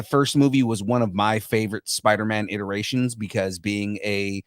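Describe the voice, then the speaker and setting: A man co-hosting a casual pop-culture podcast, excitedly talking through a movie trailer with his co-host. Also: lowish voice, normal speed, dry recording, clean studio sound. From grew up Latino in the US. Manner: excited, hypes reactions.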